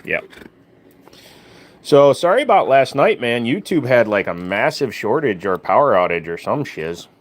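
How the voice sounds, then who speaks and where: Male streamer, loose and profane, animated pitch. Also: normal speed. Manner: swears freely, talks to his dog in a high singsong. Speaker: live streamer. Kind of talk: casual live stream chat.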